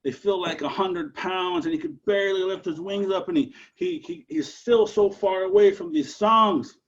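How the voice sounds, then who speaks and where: A man from Alaska telling a traditional story aloud, animated, with dramatic rises and drops. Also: sits high, moderate pace, muffled recording.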